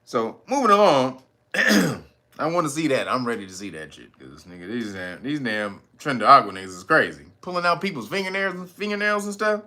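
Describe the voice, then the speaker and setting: A man hosting a casual news commentary show, talking in a profane, slangy way and acting out quotes in loud high voices between laughs. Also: sing-song, normal speed. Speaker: commentary podcast host.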